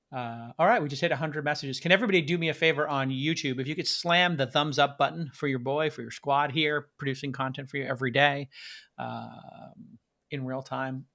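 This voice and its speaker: A man hosting a live-streamed podcast, talking excitedly and hyping up his audience. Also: mid-range voice, moderate pace, vocal fry. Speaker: podcast host.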